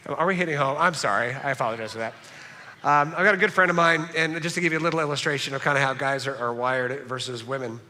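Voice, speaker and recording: Joking pastor with a bright voice in a hall. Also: male voice, mid-range voice, fairly even intonation, quick pace. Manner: conversational, joking, self-deprecating. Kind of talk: sermon. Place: church sanctuary. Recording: reverberant church hall.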